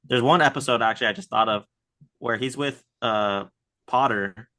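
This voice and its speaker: Man, podcast co-host, crisp bright tone, easygoing thinking-aloud delivery. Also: medium pitch, moderate pace. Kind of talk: casual chat.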